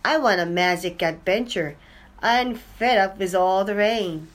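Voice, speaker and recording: A woman's voice: mid-range voice, measured pace, lightly acted. A woman reading a children's storybook aloud and voicing a small restless boy in a whiny, childlike tone. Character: Kipper, small boy, restless and easily bored.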